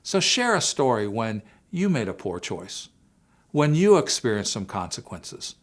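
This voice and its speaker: A man's voice: mid-range voice, sing-song, a little slow. Earnest man telling a family story. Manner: earnest storyteller who acts out quoted voices. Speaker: seminar speaker. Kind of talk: storytelling family seminar talk.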